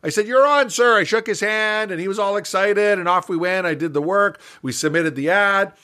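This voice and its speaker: An older entrepreneur, a guest in an interview, tells a story in a lively, animated way and laughs frequently. His voice sits high and he speaks briskly.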